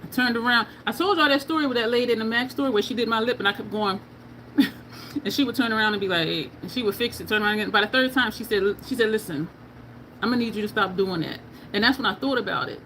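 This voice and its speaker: A woman's voice: fairly high pitch, quick pace, fairly bright tone, slight background noise, poor audio. A woman beauty vlogger chatting casually through a makeup tutorial, telling stories and laughing often.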